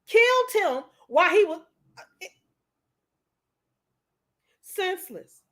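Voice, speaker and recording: Emotional, preachy high-voiced woman. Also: sing-song, takes it slowly, fairly bright tone. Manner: preachy, repeats herself, calls listeners honey. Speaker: commentator. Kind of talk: emotional commentary.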